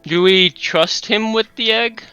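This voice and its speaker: A man's voice: high-pitched, unhurried, bright, forceful tone, smooth, no room sound, lo-fi sound, faint music behind. A man playing a tabletop game, hesitant and asking a lot of questions. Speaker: player. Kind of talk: casual tabletop game banter.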